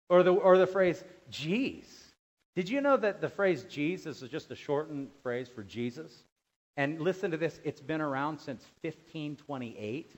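A man preaching a sermon as pastor, animated, dropping to quiet asides and rising to loud emphatic bursts. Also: on the high side, a little slow. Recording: dull lo-fi sound.

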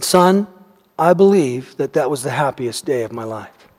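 A man reading the part of an elderly farm woman who gently recalls a day from her childhood, in homely words. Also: medium pitch, animated, measured pace, pitched below the performer's own voice. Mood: tender recollection. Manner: gentle storytelling, homely phrasing. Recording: long hall reverb.

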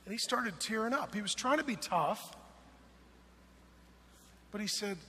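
Forties male preacher, bright ringing voice, emphatic calls dropping to hushed storytelling, faint room hum. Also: high voice, animated, measured pace, long reverb tail. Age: 40s. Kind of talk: sermon.

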